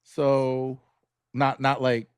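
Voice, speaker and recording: A man's voice: medium pitch, completely flat delivery, extremely slow, smooth, no echo, clean studio sound. A man with a New York accent chatting loosely on a podcast, cursing casually and trailing off mid-thought. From New York, Queens. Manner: loose, profane, laughs often, trails off. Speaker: podcast co-host. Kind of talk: casual chat.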